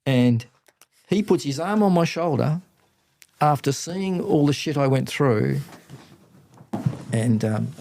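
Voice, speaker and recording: An older man with an Australian accent, a podcast guest telling business stories in a lively, blunt, salty way. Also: mid-range voice, slow, long pauses. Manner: animated anecdotes, blunt and salty. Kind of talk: casual interview storytelling.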